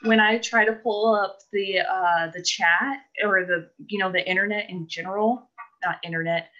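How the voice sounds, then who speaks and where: A woman's voice: medium pitch, fairly even intonation, moderate pace, bright, forceful tone, muffled recording. A woman joining a chat as a guest over a video call, talking in a gushing, rambling way and laughing often. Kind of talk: casual chat.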